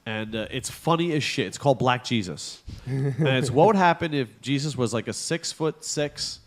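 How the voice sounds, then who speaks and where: A man's voice: mid-range voice, expressive, normal speed. A young adult man co-hosting a casual comedy podcast, telling stories animatedly, acting out characters' lines and swearing freely while reading weird news. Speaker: podcast co-host.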